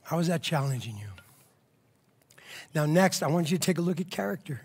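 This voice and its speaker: A man preaching a sermon, talking casually to the congregation, moving between quiet, reflective stretches and loud, excited bursts. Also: a little high, husky. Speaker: pastor.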